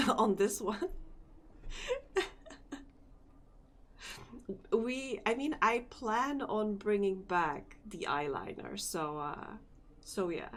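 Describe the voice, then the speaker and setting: A woman's voice: mid-range voice, a bit bright. A sleepy, yawning woman streamer chatting casually with her viewers, rambling and repeating herself as she wakes up. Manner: rambling, repeats phrases, talks to chat. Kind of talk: casual live-stream chat.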